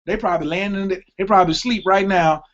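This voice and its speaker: A man's voice: sits high, quick pace, a bit bright, muffled recording. A man hosting a talk radio show, talking emphatically and cutting in with repeated interjections.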